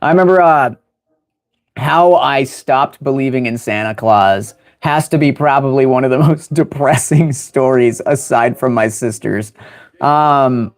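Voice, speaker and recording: A young American man chatting on his livestream, telling stories in a loose, rambling way. He laughs often and stumbles through fillers and restarts. His voice sits at an ordinary middle pitch. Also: a little slow. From United States. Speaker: livestream host. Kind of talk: casual storytelling on a livestream.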